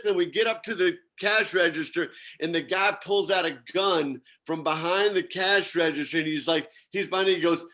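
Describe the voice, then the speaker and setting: A man around sixty telling a lively, rambling, self-mocking story on a video call. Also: high-pitched, normal speed, hardly any pauses. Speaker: reunion participant.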